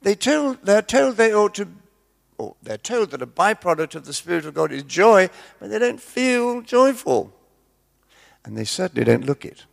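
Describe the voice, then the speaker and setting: A man preaching in a relaxed, chatty way, drifting into jokes and stories with self-deprecating asides. His voice is gravelly and sits a little high for a man. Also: moderate pace. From Scotland. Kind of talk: sermon with humorous storytelling.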